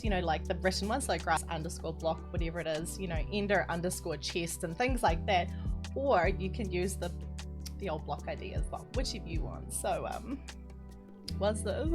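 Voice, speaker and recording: Chatty Kiwi woman streaming over music. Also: mid-range voice. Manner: chatty, giggly, reads chat messages aloud. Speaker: streamer teaching map building. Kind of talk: casual live-stream chat. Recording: background music under the voice.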